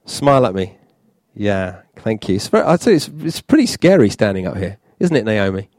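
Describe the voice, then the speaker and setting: A man preaching a sermon in a church, halting, with many fillers and restarts. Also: on the low side, very animated, a little mellow, dry recording.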